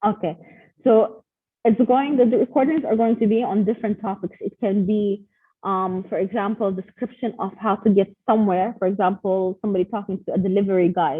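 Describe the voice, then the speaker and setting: Fast-talking woman teacher over a tinny line. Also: mid-range voice, steady tone, breathy edge. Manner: encouraging, explains step by step, switches languages mid-sentence. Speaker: English exam teacher. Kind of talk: online class lecture. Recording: tinny phone-like online call audio.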